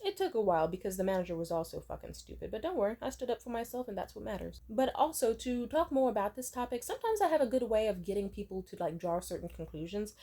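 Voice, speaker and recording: A woman in her twenties telling personal stories in a casual vlog, blunt and profane, with lively swings in pitch and loudness. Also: fast, hardly any pauses. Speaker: vlogger. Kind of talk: casual storytime monologue.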